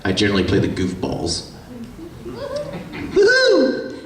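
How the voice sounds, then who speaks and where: A man with a fairly low voice talks with lively swings of pitch, telling casual, irreverent stories during a convention Q&A. He sounds distant in a big echoey hall, with the crowd audible around him. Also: moderate pace. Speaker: voice actor, panel guest. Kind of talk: joking convention panel Q&A.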